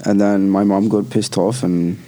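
A young man with a mellow, dark voice in a relaxed chat among friends. He rambles in loose, restarting sentences, swears casually and keeps calling people "mate". His tone stays even and easygoing. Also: fairly low pitch, moderate pace. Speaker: podcast co-host.

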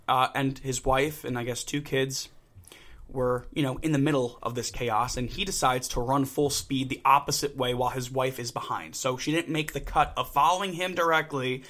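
A young man with a bright, forward voice, chatting on a casual podcast. He tells stories with energy and jumps into loud acted-out quotes of the people in them. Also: mid-range voice, moderate pace. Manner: animated storyteller, acts out shouted quotes. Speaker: podcast co-host. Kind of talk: casual chat.

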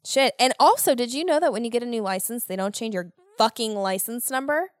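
A young American woman hosting a podcast, telling a story in a casual, animated way with lots of swearing and exasperated ranting. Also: fairly high pitch, fairly quick, clear, resonant tone, dry recording. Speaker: podcast host.

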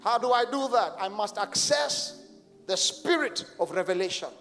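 A man preaches with rising fervor, his very high voice pushing into shouts as he leads the congregation in responses. His words ring out with a long stadium echo. Soft music plays underneath. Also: expressive, normal speed. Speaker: pastor. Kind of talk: sermon. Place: large stadium crusade.

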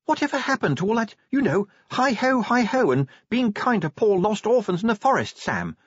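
Guy doing a high breathy posh lady, warm but tough as nails, dull dry audiobook sound. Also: very animated, moderate pace, no room sound, exaggerated voice. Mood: teasing. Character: sturdy aristocratic woman, warm but steely wife.

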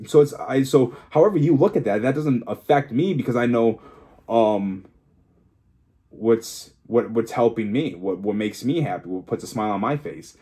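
A man's voice: medium pitch, moderate pace, dark tone. Young guy rambling on his vlog, real emotional and frank, cusses a bunch. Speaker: fitness coach and vlogger. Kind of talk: candid solo vlog monologue.

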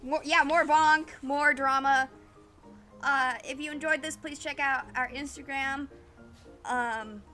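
A high, bright-voiced woman running a tabletop game as game master. She narrates scenes and signs off with friendly plugs. Music plays softly under her. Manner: friendly, animated outro plugs.

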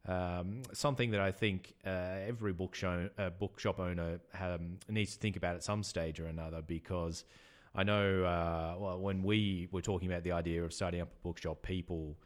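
A man's voice: sits low, fairly even intonation, normal speed. A man from Australia, co-hosting a book podcast as a bookshop owner, talking casually and posing questions with many fillers. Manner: questioning, debating, hesitant with fillers. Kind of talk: casual chat.

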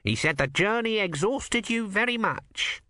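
A man's voice: sits high, expressive, a little slow, pushed and bright, dry recording, studio quality, voice pushed up, heavily acted. A man voicing a fussy, anxious male temple official who talks with hesitant "mm" sounds. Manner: fussing, hesitant, with "mm" fillers.

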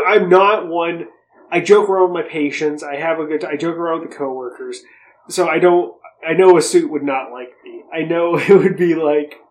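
Guy cohost, kinda high voice, sarcastic and jokey, swears a bunch. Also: poor audio. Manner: joking, sarcastic, swears freely. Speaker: podcast co-host. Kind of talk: casual storytelling chat.

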